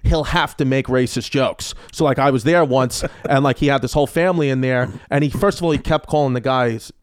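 A comedian guest telling stories in casual chat, animated and profane, acting out quotes. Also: male voice, mid-range voice, brisk, smooth, dry recording, clean studio sound. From New York. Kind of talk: casual storytelling.

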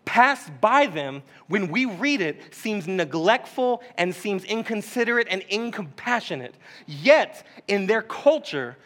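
Bright, high-voiced casual male pastor. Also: big pitch swings, measured pace, hardly any pauses. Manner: casual, joking preacher talk with slang. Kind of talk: sermon.

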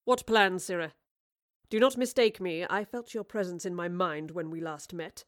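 A woman's voice: fairly low pitch, moderate pace, dry recording, clean studio sound, lightly acted. A woman voicing a stern female professor in a storybook reading, speaking formally and firmly.

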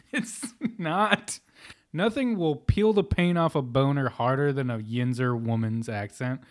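A man's voice: mid-range voice, normal speed, a little mellow. A man co-hosting a casual podcast chat, crude and jokey, with many "like" fillers. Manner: crude, joking, lots of "like" fillers. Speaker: podcast co-host.

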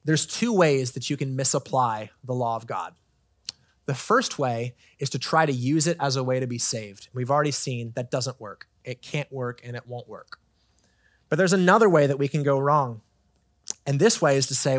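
A man's voice: on the high side, animated, moderate pace, a bit bright, dry recording, studio quality. A man in his thirties preaching a sermon as a pastor, earnest and conversational, telling personal stories. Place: church stage.

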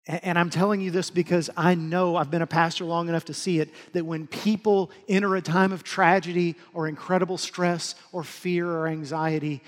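Man, pastor, earnest sermon, loud then hushed, reverberant church hall. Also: a little high. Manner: earnest, swings between loud urging and soft hushed lines.

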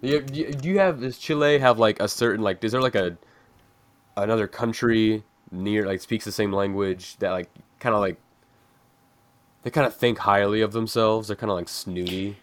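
A man's voice: fairly low pitch, moderate pace. A man hosting a podcast in casual chat, talking loosely with lots of "like" fillers. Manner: loose, filler-heavy talk with many "like"s. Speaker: podcast host.

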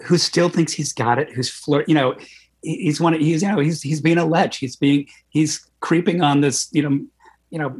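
A man's voice: on the high side, husky. A man on a film podcast discussing a performance thoughtfully, stacking up restarts as he thinks.

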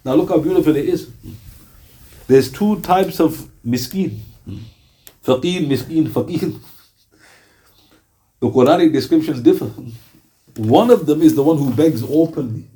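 A man's voice: a little high, mellow. A man with a British accent giving a sermon in a conversational style, often asking his audience questions. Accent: British English. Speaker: Islamic preacher.

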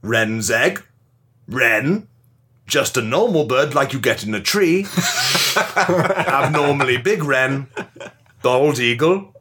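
A man's voice: mid-range voice, animated, slow pace, pauses often, background noise. A man playing a blustering self-styled golf expert who lectures in a pompous, rambling way and swears freely. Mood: lecturing. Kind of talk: improvised comedy character.

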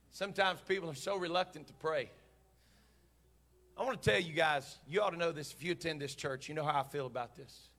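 High, bright-voiced impassioned male preacher. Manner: impassioned, swells to shouting. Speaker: pastor. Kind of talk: sermon.

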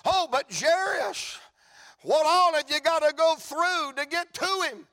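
A man voicing a curious passerby who keeps asking questions in a high, insistent voice. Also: measured pace, pushed and bright, dry recording, studio quality, exaggerated voice. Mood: questioning. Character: curious adult male passerby, eager and questioning.

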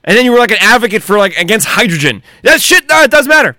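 A man hosting a podcast, delivering an angry, profanity-laden solo rant with heated shouting outbursts. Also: high-pitched, big pitch swings, fast talker, no echo, studio quality. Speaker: podcast host.

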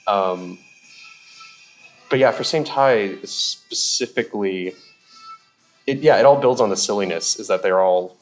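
A man's voice: fairly low pitch, measured pace, pauses often, soft background music. Rambling young man on a podcast. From Seattle. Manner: rambling, animated, lots of fillers and laughs. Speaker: guest sketch comedian. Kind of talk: casual podcast chat.

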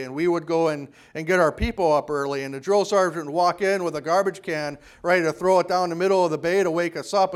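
A pastor with a smooth voice shares a personal army story in his sermon, and his voice goes lower as he repeats a drill sergeant's words.

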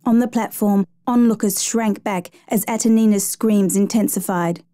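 A woman narrating a story in a measured, steady reading voice. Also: medium pitch, no room sound. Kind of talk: scripted narration.

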